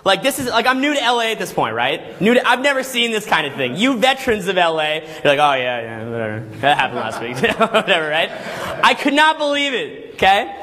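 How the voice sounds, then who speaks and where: A man telling a story to a class as a dating coach, animated and constantly checking in with "right?" and "okay?". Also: high voice, brisk, few pauses. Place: Los Angeles.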